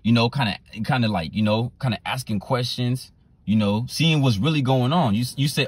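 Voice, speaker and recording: A man preaching a sermon, repeating his phrases and reading scripture verses slowly and deliberately. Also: mid-range voice, big pitch swings, breathy edge. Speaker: street preacher.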